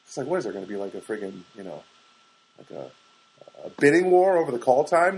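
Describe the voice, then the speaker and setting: A man's voice: mid-range voice, big pitch swings, fast talker, breathy edge, rough recording. A man from the US East Coast talking casually in a rambling solo monologue, chatty and self-deprecating, often putting on comic voices for other people.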